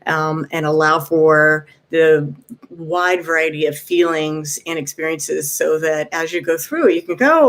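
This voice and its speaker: A woman speaking gently to a viewer, offering warm encouragement in a casual vlog. She pauses often to find her words and laughs softly now and then. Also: sits low. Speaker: vlogger. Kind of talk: casual heartfelt advice talk.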